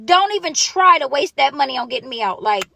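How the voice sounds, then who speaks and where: A young woman tells her own story in a high, quick voice, acting out every exchange with profane drama. The sound is dry and close, like a phone held near her face. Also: creaky, no room sound. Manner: animated, profane, dramatic retelling. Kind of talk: casual story time.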